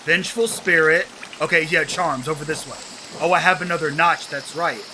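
A man playing a video game and commenting excitedly, talking to himself as he goes. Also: fairly high pitch, normal speed, a little hiss or hum. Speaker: gaming YouTuber. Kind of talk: let's play commentary.

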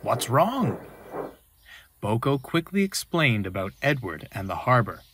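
A man narrating a storybook in an expressive, animated way. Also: on the low side, normal speed, dry recording.

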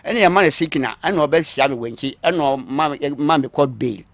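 A man recounting his own long story on a talk show, acting out what others said to him, moving between quiet asides and louder bursts. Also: a little high, normal speed, dry recording. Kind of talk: call-in story telling.

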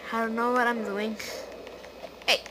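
Woman gaming host, let's-play commentary; unhurried but animated, higher register, excitable. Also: very noisy. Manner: excitable, chatty, gasps and squeals.

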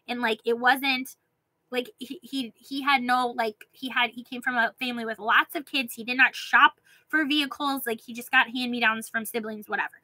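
Woman vlogger, high and bright, chatty rant, dry close sound. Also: fairly even intonation, moderate pace, no echo, rough recording. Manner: chatty, filler-heavy, laughs while telling. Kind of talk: casual storytelling rant.

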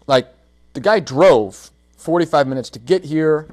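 With a fairly high voice and a measured pace, this holster maker recounts a workshop story on his casual livestream. He tells it with animation, addressing viewers straight on.

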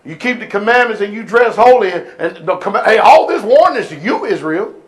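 Preacher guy w a high voice, speaks aave, yells then goes quiet, fiery sermon. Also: animated, a little fast. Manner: preaching loud with sudden shouts and drops. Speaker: pastor. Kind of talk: fiery call-and-response sermon.

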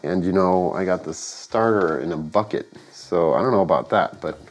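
Garage vlog host: sick man, very low voice, muttered thinking-aloud narration, faint music underneath. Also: normal speed. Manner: thinks aloud, hesitant fillers and self-corrections. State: sick, voice affected by illness. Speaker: home mechanic and channel host. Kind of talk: casual workshop narration while working. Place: home garage workshop.

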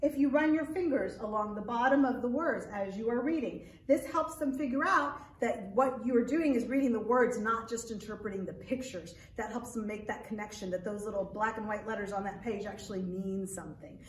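A woman children's librarian leading a storytime, speaking in a gentle, encouraging way. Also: a little high, fairly quick, hardly any pauses, a little hiss or hum. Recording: echoey room, mic at a distance.

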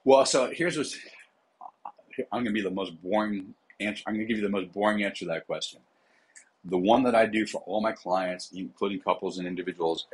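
A man's voice: low-pitched, slightly rough, poor audio. A man, a psychotherapist and coach, talking casually in a podcast interview, with many fillers.

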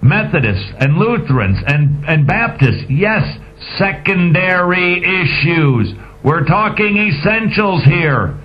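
A man's voice: high-pitched, big pitch swings, slow, few pauses. A man hosting a radio talk show, giving emphatic, sarcastic, preachy commentary on lo-fi audio. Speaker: radio host.

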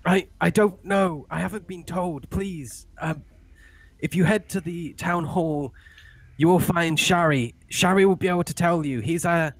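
A jittery townsman hiding behind a door, hurried and unsure of himself, as a game master voices him. His voice sits slightly high. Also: no room sound. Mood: nervous.

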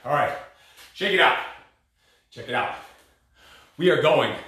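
A man's voice: a little high, animated, measured pace, bright, forceful tone. A man coaching a live cardio boxing class, out of breath and barking short, blunt commands and counts. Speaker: fitness instructor. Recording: echoey room, voice far from mic.

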